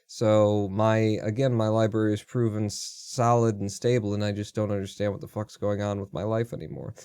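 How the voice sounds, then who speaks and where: A man's voice: fairly low pitch, flat delivery, a little mellow, smooth, no echo, clean studio sound. Cursing man muttering through live coding. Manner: mutters and thinks aloud, swears freely, quick exasperated asides. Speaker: live-stream host. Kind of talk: casual live coding commentary.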